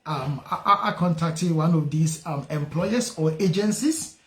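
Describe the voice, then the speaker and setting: A high-pitched Ghanaian man hosts a call-in radio show, chatting in a lively way and switching between Twi and English. His voice rings out in an echoey studio. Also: measured pace. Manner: lively, switches languages, reads out names with a singsong refrain. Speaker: radio show host, solicitor.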